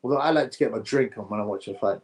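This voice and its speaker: A man's voice: lowish voice, racing, slight background noise. A man hosting a casual live boxing stream, reading viewer comments aloud and giving blunt, opinionated, rambling takes.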